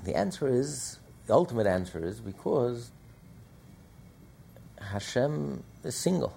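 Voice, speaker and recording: Male rabbi leading a class, fry in the voice, animated teacher who drives each point home. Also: medium pitch, slow, a little hiss or hum. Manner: animated, asks and answers his own questions. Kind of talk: Torah class lecture.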